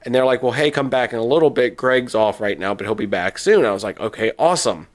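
A man's voice: mid-range voice, lively intonation, fast talker. A man co-hosting a podcast, telling a long rambling story with lots of restarts and quoted asides. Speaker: podcast co-host. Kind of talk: casual chat.

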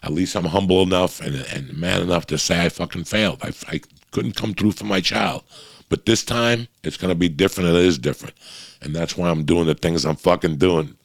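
Swearing constantly, this middle-aged podcast host rambles through a confessional monologue in a very deep, gravelly, wheezy voice at a fairly quick clip. The podcast microphone keeps him close and dry, with no sense of a room around him.

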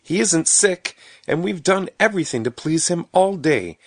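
A man's voice: on the high side, animated, normal speed, pitched above the performer's own voice. A man voicing an impatient little girl who talks in a fretful, emphatic way.

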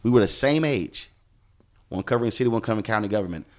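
A middle-aged man from Houston speaks in a deep, low register. His pitch swings widely as he tells emphatic stories from his career, acting out the lines he quotes from others. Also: fast talker. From Houston, Texas. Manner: animated, emphatic, acts out quoted dialogue. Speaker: journalist and show host, podcast guest. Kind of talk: conversational storytelling.

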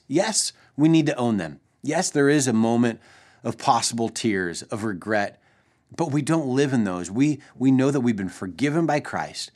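A man in his thirties, a pastor, telling a family story in an earnest, gentle way for a short devotional. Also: mid-range voice.

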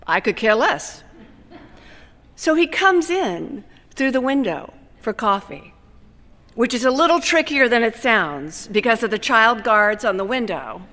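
A woman reading a personal essay aloud, telling it in a wry, deadpan second-person voice. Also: fairly high pitch. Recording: long hall reverb.

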